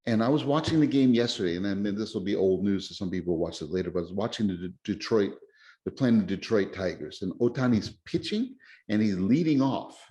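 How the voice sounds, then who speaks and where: Rambling excitable man, casual chat. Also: fairly low pitch, fairly quick. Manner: rambling, excitable, many restarts. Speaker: podcast host. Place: lives in Japan.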